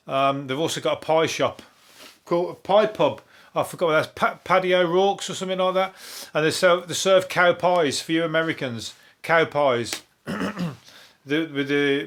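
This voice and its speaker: A man with a Brummie accent from Birmingham, hosting a comedy podcast in a rambling, chuckling monologue with dry deadpan asides and free swearing. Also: fairly high pitch. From Birmingham, England. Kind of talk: casual topical comedy monologue.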